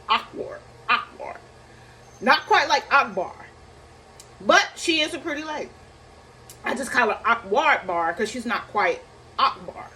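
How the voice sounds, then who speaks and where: A woman giving casual reaction commentary, animated, acting out quotes and repeating herself. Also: a little high, slight background noise, low-quality recording. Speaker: commentary vlogger.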